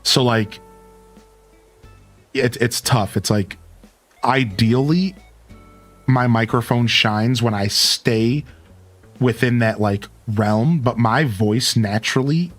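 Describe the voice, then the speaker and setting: Speaking slowly with long pauses, this young male streamer keeps up easygoing, medium-pitched stream chat, his voice rising and falling. He sounds relaxed and animated, full of "like" and "dude," as faint guitar music plays behind him on a studio mic with an equalizer and cutoff.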